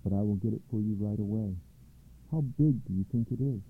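A man voicing a kind, clever court jester who speaks softly and thoughtfully, over a tinny line. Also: fairly low pitch, slightly rough. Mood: gentle. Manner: soft, slow and thoughtful. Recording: tinny phone-like line, dry.

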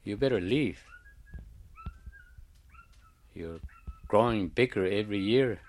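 A man's voice: fairly low pitch, moderate pace, a little mellow, pitched above the performer's own voice, lightly acted. A man voicing a clever, persuasive male raven who coaxes and insists. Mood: insistent. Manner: coaxing, insistent.

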